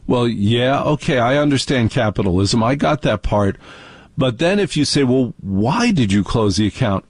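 This call-in radio host is in full rant mode, dripping with indignant sarcasm. He speaks at normal speed in an animated, slightly rough medium-pitched voice, with no room sound at all.

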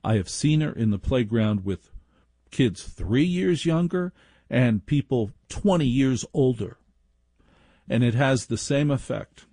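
A middle-aged man hosts a talk radio show and tells a long story with self-deprecating humor. His husky voice moves a lot in pitch, and the sound is close and dry. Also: expressive, measured pace, mellow, dry recording. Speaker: radio host.

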